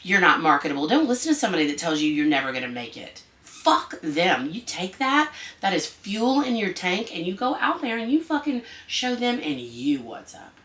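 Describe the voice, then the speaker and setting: A blunt, animated woman who swears freely and acts out what other people say as she tells her stories. Her voice sits a little low but comes across bright and forceful. The room around her has a noticeable echo. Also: normal speed. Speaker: guest artist. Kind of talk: candid interview conversation. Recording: echoey room.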